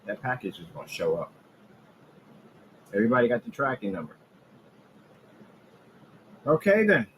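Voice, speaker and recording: Boastful man ranting, lively pitch. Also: a little fast, long pauses, husky, poor audio. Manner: boastful, taunting, swings from mutters to loud outbursts. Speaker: business owner ranting on his channel. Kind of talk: rambling trash-talk rant.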